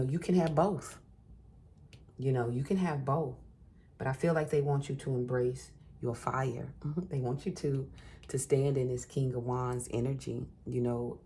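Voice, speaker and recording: A woman's voice: very deep voice, darkish tone, a little hiss or hum. A woman giving an encouraging collective tarot reading, repeating phrases for emphasis and calling the listener baby and honey. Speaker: tarot reader.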